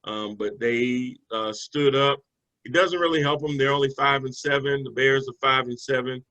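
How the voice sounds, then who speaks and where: Bright-voiced man talking football. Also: medium pitch, steady tone, normal speed, highs cut off. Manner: conversational, loose with fillers and restarts. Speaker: sports talk show co-host. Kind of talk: casual sports analysis chat.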